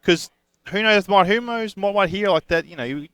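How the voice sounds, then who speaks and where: A young man with a thick rural Australian accent, casting live esports in a chatty, energetic, loose way. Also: high-pitched, moderate pace, clean tone, no room sound. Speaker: esports caster.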